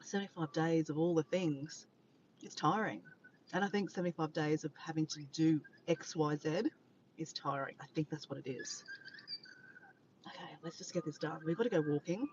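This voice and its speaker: A low-voiced, tired Australian woman talks at normal speed to live viewers from her car. As a vlogger in casual chat, she rambles, greets people by name and corrects herself. The audio is dull lo-fi with faint background noise.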